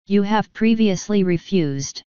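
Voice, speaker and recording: A woman voicing a perplexed, polite male detective who speaks softly and thoughtfully. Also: mid-range voice, clear, resonant tone, dry recording, natural voice. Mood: puzzled. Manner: soft, thoughtful, measured. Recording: dull dry recording.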